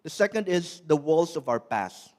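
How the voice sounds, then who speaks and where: Earnest male preacher, slightly raised pitch, slows for scripture and sometimes restarts words. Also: animated, warm tone. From Malaysia. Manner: earnest preaching, slowing and pressing on scripture quotes. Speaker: pastor. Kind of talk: sermon.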